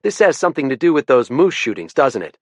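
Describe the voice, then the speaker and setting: A man's voice: mid-range voice, very animated, fast talker, no room sound, voice pushed up. A male narrator voicing a middle-aged hunting guide, friendly but wary, in an audiobook. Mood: guarded.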